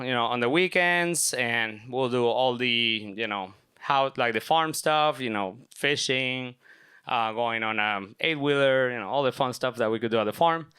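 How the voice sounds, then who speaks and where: Young man, smooth resonant storytelling voice. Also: medium pitch, sharp tone. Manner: casual, self-mocking, filler-heavy. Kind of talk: live personal storytelling. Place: stage at a live event.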